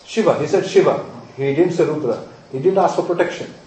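Heard from a distant mic in a very echoey room, a man with a warm voice on the high side talks fairly quickly as he teaches astrology. He's emphatic and repetitive, regularly quizzing his students to check they're keeping up.

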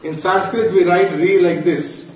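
A man's voice: high voice, steady tone, a little slow. A middle-aged man teaching a class, quizzing the students, answering his own questions and scolding them playfully. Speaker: Sanskrit and mantra teacher. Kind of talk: classroom lecture. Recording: echoey room from far off.

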